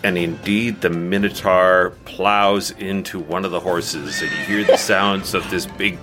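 A man narrating as game master of a tabletop game, relaxed and often chuckling. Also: low voice, measured pace, music in the background.

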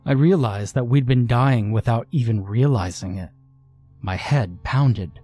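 A man narrating a horror story in a measured, deliberate way. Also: medium pitch, warm tone, faint music behind.

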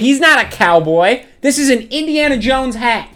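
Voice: high-pitched, lively intonation, moderate pace, fairly bright tone. A podcast co-host in casual conversation who digs in on every point. The voice bounces up and down with lots of movement, breaking into laughs and casual swearing. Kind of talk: casual chat.

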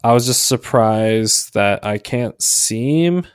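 A man's voice: mid-range voice, lively intonation, slow, smooth, no room sound, clean studio sound. A man hosting a casual chat show, laughing often and hesitating with fillers. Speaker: podcast host.

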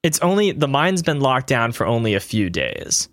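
A man's voice: medium pitch, very animated, moderate pace, fairly bright tone, no room sound, studio quality. A man narrating as game master, loose and hesitant, with fillers and light laughs.

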